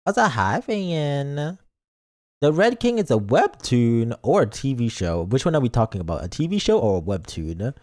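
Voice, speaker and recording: A man's voice: medium pitch, very animated, moderate pace, a little mellow. A man streaming a game as a VTuber, chatting casually with his viewers in a playful, goofy, mock-defensive way.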